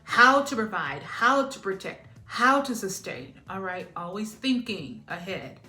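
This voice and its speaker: A woman giving a casual spiritual reading who laughs often, acts out quotes loudly and keeps asking "all right?". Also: mid-range voice, lively intonation, measured pace, roomy sound. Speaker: tarot reader.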